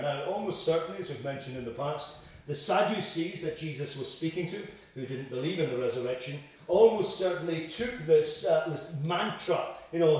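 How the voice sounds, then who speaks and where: A man's voice: expressive, normal speed, darkish tone. A man delivers a sermon in an earnest, emphatic manner, lifting his voice to press home each point. His slightly raised voice sounds distant from the microphone and rings around a very echoey hall. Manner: earnest, emphatic, rises in pitch and volume to stress points. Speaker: preacher.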